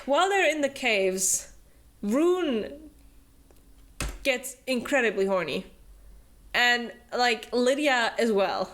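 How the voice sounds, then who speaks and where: A woman's voice: fairly high pitch, lively intonation, slow, long pauses, a bit bright. A young woman hosting a book club, recapping a novel in casual chat, full of fillers and acted-out quotes. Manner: chatty, filler-heavy, acts out character quotes with laughs.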